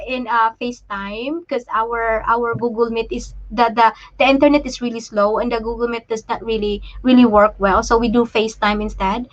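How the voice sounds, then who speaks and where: A woman hosting a casual live chat, talking in a halting, emotional way with many restarts while she shows things to the camera. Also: a little high, highs cut off. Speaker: livestream host and parent.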